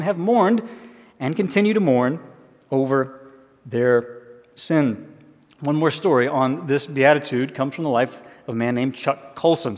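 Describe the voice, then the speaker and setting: A male pastor delivers a sermon in a fairly high voice, earnest and deliberate, slowing down to repeat his key phrases. His voice carries a long reverb, as if from a large church sanctuary.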